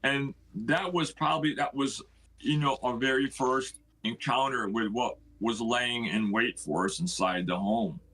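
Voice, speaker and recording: A middle-aged man with a husky, slightly breathy voice tells a long story from his own life. He speaks at an ordinary pitch and pace. He keeps it earnest and acts out what other people said. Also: measured pace, fairly bright tone, low-quality recording. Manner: earnest storyteller who acts out quoted speech. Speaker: house owner telling its history. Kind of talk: storytelling on a live stream.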